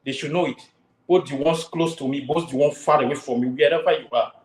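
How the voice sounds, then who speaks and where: A man's voice: fairly high pitch, fairly even intonation, fast talker, echoey room, low-quality recording. A man hosting a heated talk show, repeating his warnings with force.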